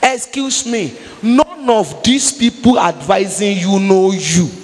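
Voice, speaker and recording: A woman's voice: medium pitch, slow. Nigerian woman evangelist, emphatic fervent sermon, long hall reverb. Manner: emphatic preaching, rising to fervent prayer.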